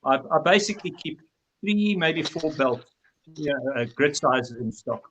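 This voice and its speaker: A man's voice: fairly high pitch, expressive, measured pace, fairly bright tone, slight background noise, poor audio. A man speaking as a guest in a casual panel chat over a video call, in a practical, matter-of-fact way. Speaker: knifemaker guest.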